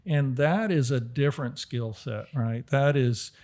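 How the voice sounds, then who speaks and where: A man's voice: mid-range voice, unhurried. Chatty middle-aged man telling stories. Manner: animated, chuckling storyteller. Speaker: podcast guest, architect and developer. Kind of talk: casual anecdotal storytelling.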